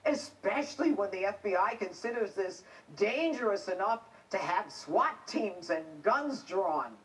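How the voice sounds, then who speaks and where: A woman's voice: mid-range voice, animated, a little slow, recorded from a distance, rough recording. A middle-aged woman, a TV host and former police officer, delivering a scripted opinion monologue in a combative, indignant, emphatic way.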